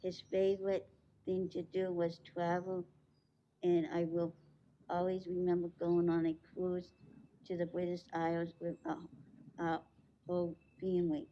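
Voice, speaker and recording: A woman remembering her late father in a slow, halting way, on a dull lo-fi recording. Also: on the low side, monotone. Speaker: daughter giving a remembrance. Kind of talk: read memorial tribute. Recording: dull lo-fi recording with faint ambience.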